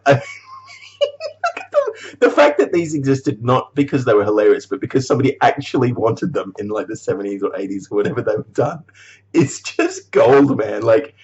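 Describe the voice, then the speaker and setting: A man's voice: mid-range voice, very animated, normal speed, a little mellow, highs cut off. A man chatting casually in a rambling way on his video blog. He laughs often, swears freely and trails off mid-thought. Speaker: animator vlogger.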